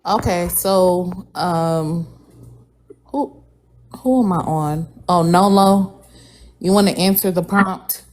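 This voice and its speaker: Casual woman moderator, lower voice. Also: takes it slowly, long pauses, a little mellow. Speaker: debate moderator. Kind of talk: online panel debate.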